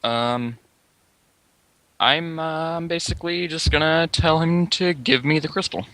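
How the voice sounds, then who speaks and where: A man's voice: a little high, measured pace, fairly bright tone, no room sound. A man talking casually as a player in a tabletop role-playing game.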